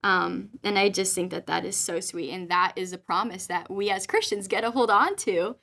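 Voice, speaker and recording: A woman's voice: mid-range voice, moderate pace, vocal fry, bright, forceful tone. A young woman, a church youth leader, giving a short daily devotional with enthusiastic, heartfelt scripture reading.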